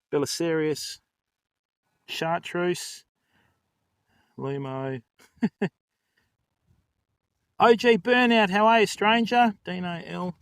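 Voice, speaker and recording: Gravelly and a little high, the voice of an older Australian man hosting a fishing livestream comes through a dry recording. He's chatty and full of jokes, laughing often and speaking to viewers by name.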